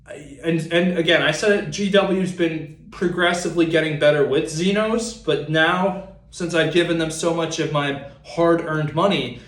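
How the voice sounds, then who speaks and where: A man's voice: fairly high pitch, fairly even intonation, moderate pace, fairly bright tone, echoey room. A young man talking casually to camera as a small YouTuber, playful and rambling, making mock demands. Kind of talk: casual comedic rant to camera.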